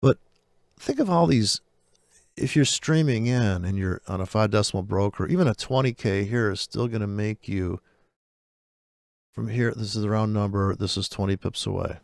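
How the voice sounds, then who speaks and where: A man's voice: fairly low pitch, moderate pace, gravelly, dry recording. A man giving blunt, profane, unscripted trading commentary over live charts, ranting and restless as he talks. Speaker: forex trading streamer.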